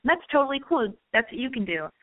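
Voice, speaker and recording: A woman hosting a radio advice segment, talking in a blunt, animated way and swearing as she gives a caller a pep talk. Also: fairly high pitch, fast. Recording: phone-like narrow band.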